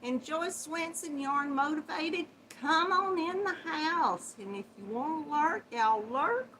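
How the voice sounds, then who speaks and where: A middle-aged woman hosts a casual livestream, greeting viewers with sweet Southern endearments and laughing often. Her voice is high, animated and unhurried, with a runny nose and a noisy background behind her chatty talk.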